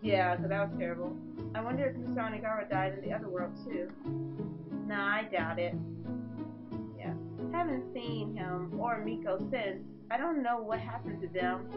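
A woman hosting a let's play, reading game text and reacting with excited exclamations. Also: medium pitch, moderate pace. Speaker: gaming video host. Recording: dull lo-fi sound with loud game music.

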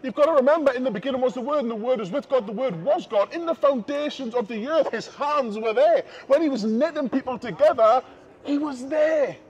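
A man's voice: very high voice, brisk, darkish tone, slightly rough. A man preaching an open-air street sermon, impassioned and repetitive, building emphasis. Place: outdoors on a city street. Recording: dull lo-fi outdoor recording with faint noise.

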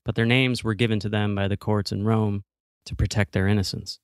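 A man hosting a true crime podcast, reading scripted narration in a measured, matter-of-fact way. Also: fairly low pitch, flat delivery, smooth, no echo, clean studio sound. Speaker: podcast host.

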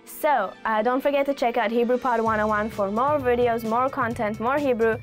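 A woman's voice: a little high, steady tone, normal speed, faint music behind. Chatty woman teaching language phrases. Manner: chatty, laughs often, acts out phrases with whispers and gasps. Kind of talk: casual language lesson.

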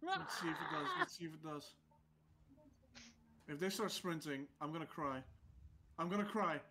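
A woman's voice: low-pitched, sing-song, normal speed, sharp tone, a little hiss or hum. A woman playing a zombie survival game live, panicky and pleading, swearing often. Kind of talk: live gameplay commentary.

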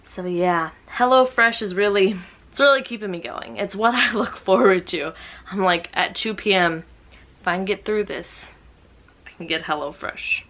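A young woman from the United States chatting casually in a book vlog, excitable and self-mocking. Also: medium pitch, moderate pace. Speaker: book vlogger.

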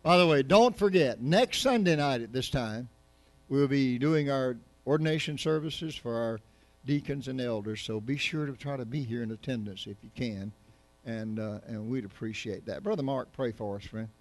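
A man's voice: medium pitch, moderate pace. A middle-aged man preaches in a church sanctuary. His sermon is folksy and joking, and he rambles with many restarts. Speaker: pastor. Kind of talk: casual sermon to a congregation.

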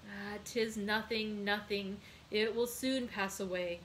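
A woman reading aloud, voicing a frail, gentle elderly father in a slow, soft manner. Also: mid-range voice, fairly even intonation, slight background noise, low-quality recording. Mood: weak.

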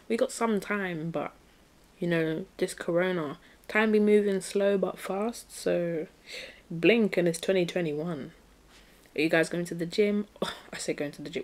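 A woman's voice: lowish voice, darkish tone. A young woman hosting a casual solo podcast, chatty and playful, dropping slang and breaking into bits of song. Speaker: podcast host.

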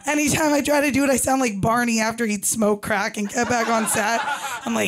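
Raspy-voiced woman comic. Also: a little high, quick pace, few pauses, background noise. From Boston. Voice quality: raspy husky voice. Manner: deadpan self-mocking delivery. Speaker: stand-up comic. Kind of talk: stand-up set. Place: comedy club stage.

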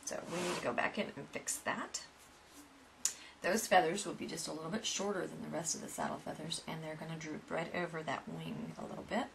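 A painting instructor, a woman with a low, steady voice and some vocal fry, walks her students through a painting tutorial step by step. She talks fairly quickly and chattily, tossing them asides, with background noise in the recording.

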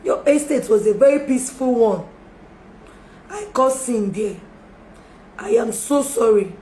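A woman's voice: fairly high pitch, expressive, measured pace, dark tone. A woman in an emotional live-stream appeal, pleading and apologizing again and again, recorded on a phone. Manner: pleading, repeats apologies and requests for forgiveness. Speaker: livestreamer making a public apology. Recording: echoey room with faint background noise.

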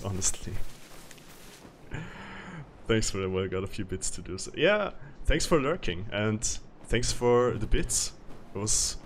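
A man's voice: on the low side, slight background noise. A man streaming a game live, chatting with viewers and reacting aloud to play, laughing often. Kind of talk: live-stream gameplay commentary.

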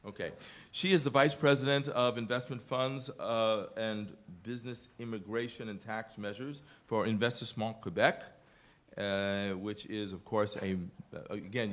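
Low-voiced American man moderating a panel. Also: steady tone, normal speed, a bit bright. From United States. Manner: earnest, with light self-deprecating humor and many fillers. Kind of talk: conference speech and panel introduction. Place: conference hall.

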